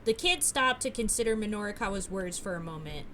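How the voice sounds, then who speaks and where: Animated young woman reading a game aloud. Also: medium pitch, brisk, few pauses, a little hiss or hum. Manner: animated, laughs, excited asides. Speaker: let's play host and narrator. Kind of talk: reading a visual novel aloud and chatting.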